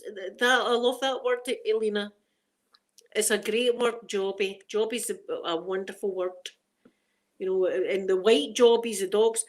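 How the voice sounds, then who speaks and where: A woman's voice: mid-range voice, fairly even intonation, moderate pace. Chatty Glaswegian woman rambling. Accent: Glaswegian Scottish. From Scotland. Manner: rambling, chatty storytelling full of local slang. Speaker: ASMR channel host. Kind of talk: casual ASMR chat.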